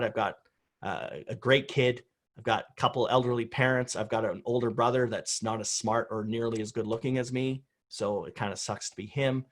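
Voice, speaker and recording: Husky-voiced man giving a punchy talk. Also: medium pitch, a bit bright. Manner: emphatic, punchy, repeats key phrases for effect. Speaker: conference speaker on crisis response. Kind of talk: motivational conference talk.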